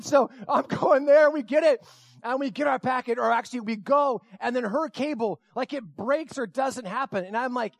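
A middle-aged man with a strikingly high voice tells a funny personal story to a live audience. He acts out his own excitement and now and then bursts into shouting. The sound is close and dry, with no room around it. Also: moderate pace, gravelly, no echo. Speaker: speaker addressing an audience.

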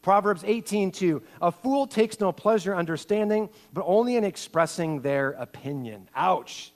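Pastor with big dynamic swings. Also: male voice, high voice, animated, normal speed. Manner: swings from loud acted quotes to hushed, intimate tones. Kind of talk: sermon.

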